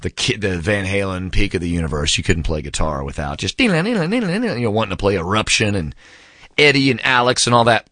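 Animated low-voiced man telling rock stories. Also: moderate pace, no room sound, clean studio sound. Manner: enthusiastic storytelling, acts out quotes, says man a lot. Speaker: book reviewer. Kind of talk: casual spoken book review.

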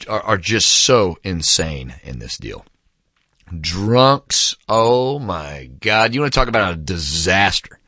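A man in his forties chats through a book review, low-pitched but bright and forceful in tone. He tells stories with big enthusiasm and acts out the quotes. The sound is dry and close. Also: no echo. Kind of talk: casual spoken book review.

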